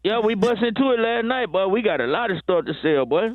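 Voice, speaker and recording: A man's voice: lively intonation, a little fast, no echo, phone-quality sound. A man voicing a brash streetwise hustler, rambling in slang. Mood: hustling. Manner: slangy, rambling, boastful sales pitch. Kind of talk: radio prank-character comedy bit.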